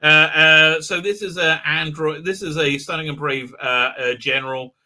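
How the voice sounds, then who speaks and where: A man's voice: fairly high pitch, steady tone, moderate pace, pushed and bright. A man hosting a live stream, ranting sarcastically with many filler sounds. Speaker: host.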